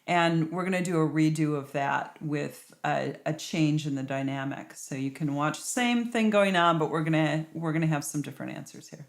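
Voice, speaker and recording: A woman's voice: low-pitched, normal speed, hardly any pauses. A middle-aged woman presenting a workshop, talking earnestly with hesitant restarts. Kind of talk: role-play demonstration.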